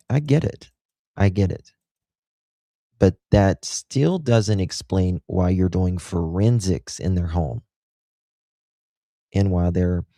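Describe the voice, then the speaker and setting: Male livestream host, deep mellow voice, dry close sound, ponders aloud. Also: creaky, no echo. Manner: musing, thinks aloud with rhetorical questions. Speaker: true-crime livestream host. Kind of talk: casual livestream commentary.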